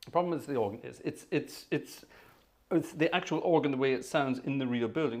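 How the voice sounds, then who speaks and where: A man's voice: medium pitch, fairly quick. A man hosting a casual organ livestream from his upstairs room at home, chatting and joking with viewers. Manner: chatty, jokey, animated, thanks viewers by name. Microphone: room microphone.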